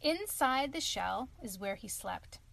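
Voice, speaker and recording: A woman narrating a children's storybook aloud in a clear, expressive reading. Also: a little high, takes it slowly, slight background noise.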